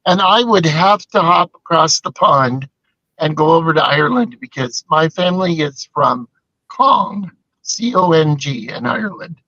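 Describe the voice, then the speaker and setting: A man's voice: a little high, expressive, unhurried, bright, forceful tone, no room sound, highs cut off. An older man co-hosting a casual live show, rambling through stories and reading out viewer comments. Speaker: co-host. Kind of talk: casual live-stream chat.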